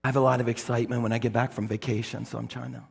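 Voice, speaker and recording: A male pastor preaching a sermon in a church, wearing a clip-on mic, telling the story in an animated way that swings from loud to hushed. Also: mid-range voice, rapid-fire, gravelly, breathy edge, long reverb tail. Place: church sanctuary. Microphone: clip-on microphone.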